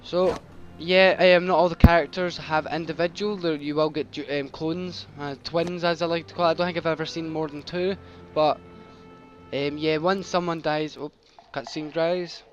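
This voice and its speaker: A man narrates his gameplay with excited, cursing asides and a slightly raised pitch. His mic sounds a bit dull, and game music plays clearly behind him. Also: moderate pace. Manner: excitable, swears, talks to the screen. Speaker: host. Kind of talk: game commentary.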